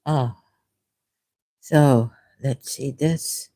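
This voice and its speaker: Woman, livestream monologue, rambling, laughing asides, mellow dark voice. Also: low-pitched, lively intonation, measured pace. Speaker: livestream host.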